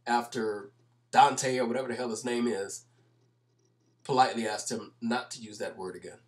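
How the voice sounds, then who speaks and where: A man's voice: medium pitch, normal speed. A man commenting over video clips, explaining at length in an emphatic manner and repeating his points.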